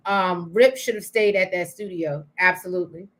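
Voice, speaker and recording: A woman's voice: on the low side, normal speed, a bit bright. Chatty woman co-hosting a recap show. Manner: chatty, thinks aloud with many "um"s. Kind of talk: casual recap chat.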